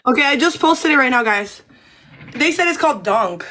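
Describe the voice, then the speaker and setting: Giggly high-voiced young woman hosting a live. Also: lively intonation, normal speed, pushed and bright, a little hiss or hum. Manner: giggly, slangy, talks to viewers. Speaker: livestream host. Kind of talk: casual livestream chat.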